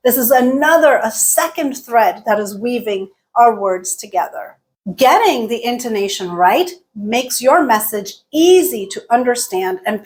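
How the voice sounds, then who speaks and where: In an online lesson, a woman teaches English pronunciation, explaining clearly and steadily and checking in with "right?". Her voice is slightly high.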